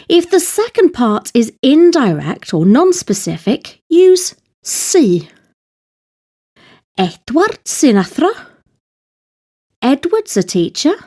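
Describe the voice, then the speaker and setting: A woman tutor narrating a scripted grammar lesson, reading out examples slowly and carefully one by one. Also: on the high side, mellow. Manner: slow, careful, clearly spelled-out examples. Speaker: language tutor.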